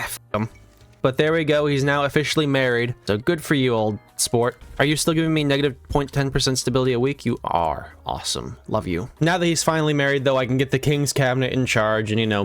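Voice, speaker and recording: Rapid-fire sarcastic gaming commentator, man. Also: medium pitch, a bit bright. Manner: sarcastic, irreverent joking. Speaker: gaming video creator. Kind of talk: strategy game commentary.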